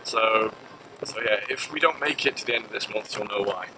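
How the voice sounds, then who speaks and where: A man's voice: lowish voice, a little fast. A young man, chatting casually to camera as a family vlogger, explaining things at length with dry jokes. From Cheshire, England. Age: young adult. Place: inside a car. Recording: road noise in a car.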